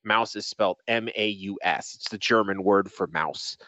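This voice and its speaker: A young man co-hosting a casual podcast reads a news article aloud, breaking off now and then for swearing asides. His voice sits lowish and comes across bright and forceful at a moderate pace, with no echo.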